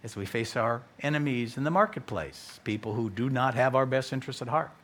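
A male pastor with an American accent preaching a sermon, telling the story with animated delivery and acted-out voices. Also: mid-range voice, a little fast. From United States.

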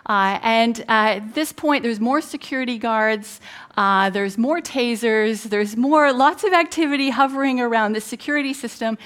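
A woman's voice: on the high side, unhurried, a bit bright. A middle-aged woman from Canada preaching a sermon, retelling a personal story with many fillers and emphatic turns.

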